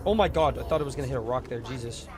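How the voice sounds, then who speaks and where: A young man streaming a space game live, chatting casually with his viewers, his voice a bit strained from yelling, with bursts of excitement. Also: medium pitch, rapid-fire, over music. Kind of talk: casual live gameplay commentary.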